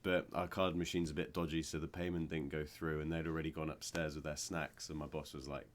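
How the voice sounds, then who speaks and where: A man's voice: extremely low pitch, brisk. A man co-hosting a casual podcast, telling a story and acting out the people in it. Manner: animated storyteller acting out scenes with voices. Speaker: podcast co-host, cinema worker. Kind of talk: casual chat.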